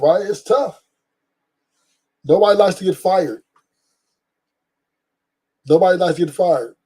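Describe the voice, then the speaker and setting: Mellow-voiced man delivering opinion commentary. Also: a little high, breathy edge. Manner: preachy, emphatic, repeats key lines. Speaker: host.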